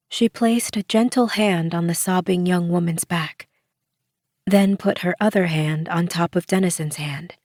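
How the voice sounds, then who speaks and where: A woman narrating an audiobook in a measured way, giving the characters soft voices. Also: fairly low pitch, dry recording, clean studio sound.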